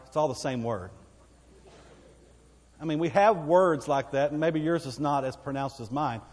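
A man's voice: a little high, expressive, normal speed, a little mellow, breathy edge. A man with a Texan accent preaching a sermon as pastor, folksy and conversational, asking the congregation for amens. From Texas. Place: church sanctuary. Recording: long church hall reverb.

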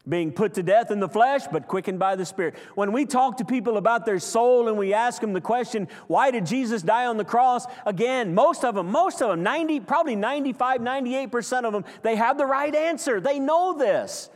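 Man, high voice, fervent pulpit preacher, long church reverb, loud-to-hushed swings. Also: animated, a little fast, hardly any pauses. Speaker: pastor. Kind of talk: sermon. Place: church sanctuary.

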